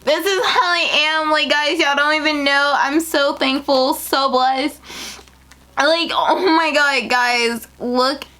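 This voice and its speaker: A young woman filming a casual unboxing vlog on her phone at home, gushing and excitable, jumping into high squeals. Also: slow pace. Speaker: beauty vlogger starting a business. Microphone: phone camera.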